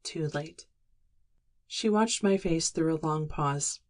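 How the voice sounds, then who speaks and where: A woman narrating a classic novel as an audiobook in a measured, even manner. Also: sits low. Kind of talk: scripted narration.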